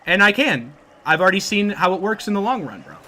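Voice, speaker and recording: A man live-streaming and chatting casually with viewers, excitable and profane, thanking new followers by name. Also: high voice, quick pace.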